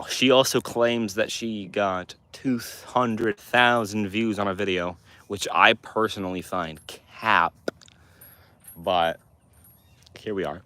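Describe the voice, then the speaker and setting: Teen male streamer, low-ish voice, loose and rambling while reading chat. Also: bright, forceful tone, no room sound. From Montana, US. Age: teens. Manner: rambling, with restarts and fillers. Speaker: livestream host answering chat. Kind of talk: casual livestream chat.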